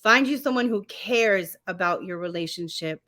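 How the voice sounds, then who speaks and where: A woman co-hosting a podcast in casual chat, talking emphatically and getting animated when she mimics other people. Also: medium pitch, normal speed. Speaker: podcast co-host.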